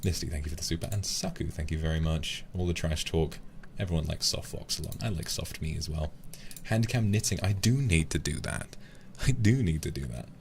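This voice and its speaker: Very deep-voiced male streamer. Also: a little fast, vocal fry, a little hiss or hum. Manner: rambling, playful, laughs often. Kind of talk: casual stream chat.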